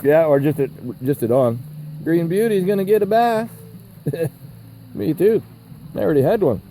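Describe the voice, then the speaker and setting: A man's voice: fairly high pitch, lively intonation, warm tone, slight background noise, poor audio. A man chatting casually outdoors while feeding animals and filming, swearing a lot and tagging lines with "eh?". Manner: swears a lot, drawn-out "eh?" tags. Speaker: vlogger. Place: outdoors on a rural property. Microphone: handheld camera.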